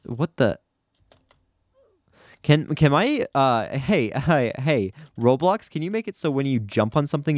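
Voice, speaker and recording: A young gaming YouTuber with a mid-range, darkish voice gives chatty commentary over his own gameplay, often flustered and poking fun at himself. The audio is studio quality with no echo.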